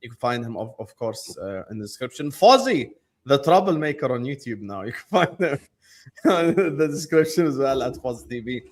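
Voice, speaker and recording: A man hosting a casual football chat show, joking and teasing his panel between quick shout-outs. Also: medium pitch, big pitch swings. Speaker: host.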